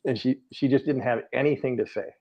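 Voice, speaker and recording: A man's voice: medium pitch, a little fast. A middle-aged man, a guest energy healer, telling client stories in a podcast interview, earnest and rambling with many fillers and restarts. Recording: dull lo-fi audio.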